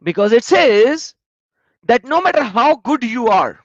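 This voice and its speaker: A man's voice: very high voice, sing-song, measured pace, no room sound, dull audio. A man giving reaction commentary on video clips, emphatic and repeating words for stress.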